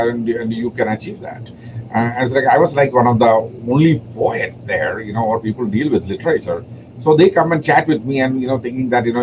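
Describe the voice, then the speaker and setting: A man speaking English with a foreign accent, hosting his own livestream. He rambles through stories and fills them with "you know." His voice sits at an ordinary middle pitch, with a faint hiss of background noise. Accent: non-native English accent. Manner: rambling, heavy use of "you know", frequent laughter. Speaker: livestream host and poet. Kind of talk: casual livestream storytelling.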